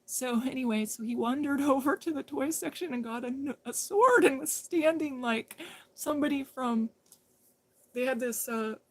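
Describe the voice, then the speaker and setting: Rambling woman telling a story. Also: fairly high pitch. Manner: rambling, drops to hushed whispers. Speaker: live streamer. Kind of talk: casual anecdotal storytelling.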